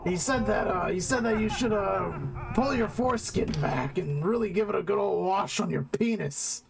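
A man's voice: sits high, moderate pace, creaky, voice pushed down. A man voicing a meddling older-brother plumber who fusses over his brother's hygiene, hesitant and concerned. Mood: fussy concern.

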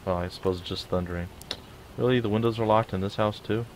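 A man's voice: fairly low pitch, steady tone, fast talker, a little hiss or hum. A man hosting a let's play video, chatting casually and joking while he plays. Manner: joking, chatty, mumbles asides. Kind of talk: casual gameplay chat.

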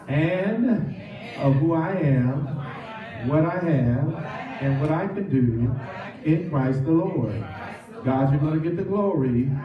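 A pastor with a slightly high voice leads his congregation through a call-and-response sermon, having them echo his phrases back. It was captured in an echoey church sanctuary from a distant mic, and the sound is lo-fi.

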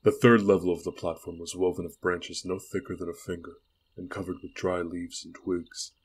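A man reading an audiobook aloud with steady, unhurried storytelling. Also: sits low, slightly rough, rough recording. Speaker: audiobook reader. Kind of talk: audiobook narration.

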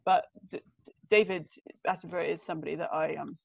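A young woman telling stories as a podcast guest. She talks in an animated, emotional way, with big jumps in pitch. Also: quick pace, vocal fry, dry recording. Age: young adult. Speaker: guest, documentary filmmaker. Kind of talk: conversational podcast storytelling. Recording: dull lo-fi sound.

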